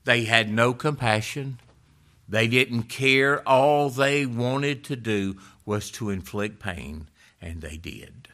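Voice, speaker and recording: A middle-aged male preacher delivers a dramatic sermon at a very slow, deliberate pace. His voice is bright and forceful, with a medium pitch. He swings from loud, passionate passages to hushed, almost whispered words.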